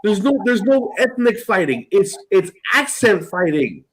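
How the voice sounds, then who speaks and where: A man hosting a podcast, talking in a fairly high, husky voice. His pitch moves a lot as he rambles. He swears freely and speaks bluntly. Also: sing-song, a little slow. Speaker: podcast host. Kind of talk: casual chat.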